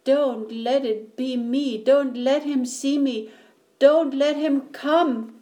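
A woman's voice: sits high, lively intonation, slow, darkish tone, pitched above the performer's own voice. A woman voicing a frightened little boy in a storybook, anxious and pleading.

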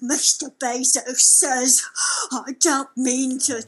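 A woman's voice: high voice, level tone, slow, fairly bright tone, husky, heavily acted, low-quality recording. A woman playing a jittery, fawning male employee who talks about himself in the third person, in an improvised comedy sketch.

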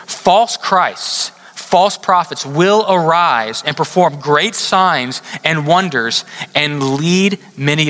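A man preaching a sermon, telling a story in a conversational way and slowing down hard to stress his points. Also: a little high, pushed and bright. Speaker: pastor. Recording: long hall reverb.

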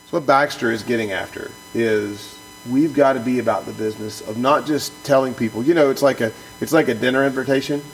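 A man's voice: medium pitch, fairly quick, hardly any pauses, faint music behind, poor audio. A man who is a pastor co-hosting a podcast, reading from a book and then talking it over in an earnest, emphatic way, often restarting and repeating words.

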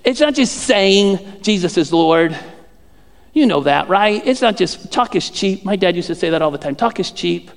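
A man's voice: high voice, expressive, moderate pace, gravelly. A man preaching a sermon as pastor, conversational and humorous, often repeating himself. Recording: echoey hall.

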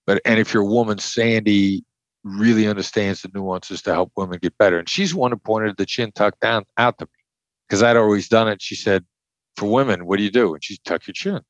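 Low-voiced emphatic older man from the Midwest. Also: a little fast, no room sound, dull audio. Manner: emphatic, blunt, repeats key points. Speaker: interview guest, former hostage negotiator. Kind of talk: conversational explanation.

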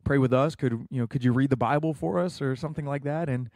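A man's voice: mid-range voice, quick pace, darkish tone, no room sound, studio quality. A young American man in a casual interview, earnestly telling a personal story with many fillers. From United States. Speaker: guest.

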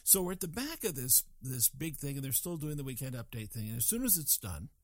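A man's voice: mid-range voice, sing-song, fairly quick, no echo, studio quality. An older man from Colorado telling a rambling, self-deprecating story and acting out the voices of people in it. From Colorado, USA. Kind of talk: casual spoken anecdote.

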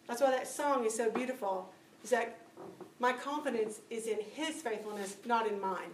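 A woman giving a spoken testimony to a church audience, telling stories with lively acted-out dialogue. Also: fairly high pitch, normal speed. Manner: animated storytelling, acting out dialogue. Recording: echoey room, distant mic, faint noise.

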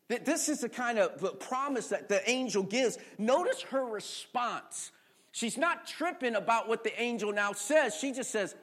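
High-voiced preacher swinging from shouts to hush. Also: male voice, lively intonation, normal speed. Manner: swings from shouting to near-quiet storytelling; calls on the congregation with questions. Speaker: pastor. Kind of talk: sermon.

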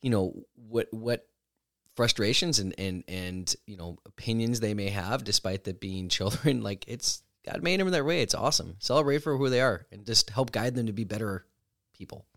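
A man's voice: fairly low pitch, animated, normal speed, a bit bright, dry recording, studio quality. A man co-hosting a podcast, talking about parenting in a rambling way and often restarting his sentences. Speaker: podcast co-host. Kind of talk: casual chat.

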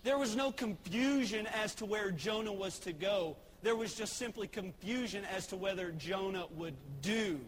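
High-voiced pastor preaching. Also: male voice, slight background noise. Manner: emphatic, repeats key phrases. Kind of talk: sermon. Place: church sanctuary.

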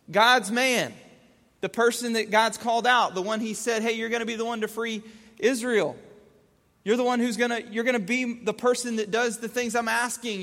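High-voiced man teaching the Bible. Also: a bit bright, big-room sound. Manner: casual, asks rhetorical questions, restates points in plain words.

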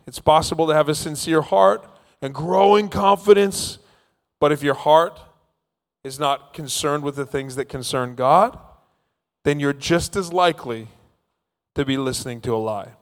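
A man's voice: a little high, moderate pace. A man preaching a sermon, telling stories playfully and acting out the scenes. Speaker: pastor. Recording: long reverb of a large hall.

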